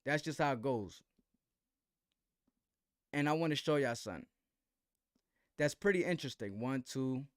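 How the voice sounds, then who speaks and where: A man's voice: medium pitch, lively intonation, moderate pace, pauses often, dry recording, clean studio sound. A man hosting a live boxing commentary stream, talking in slang with a defensive tone and asking "right?" again and again.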